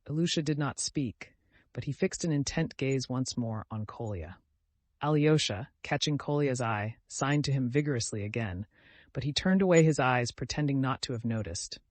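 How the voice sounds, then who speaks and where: A man narrating a classic novel as an audiobook, in a measured storytelling manner. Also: medium pitch, expressive, no echo.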